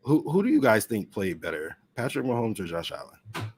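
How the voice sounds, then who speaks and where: A man with a low, husky voice chats as a podcast guest. His pitch swings widely as he tells stories in an excitable way. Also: normal speed. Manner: animated, excitable. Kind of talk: casual chat.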